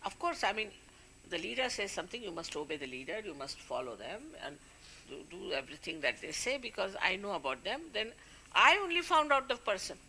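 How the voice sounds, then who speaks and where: A woman's voice: mid-range voice, big pitch swings, a little fast, sharp tone, a little hiss or hum. A woman, a spiritual leader, giving an informal talk to her followers, warning and scolding them in a conversational way.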